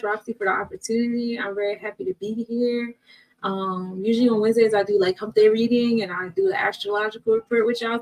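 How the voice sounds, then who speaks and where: An upbeat woman joins a live stream as a guest and greets everyone in a friendly, casual way. Her voice sits a little higher than most. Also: a little mellow, low-quality recording. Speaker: astrology guest.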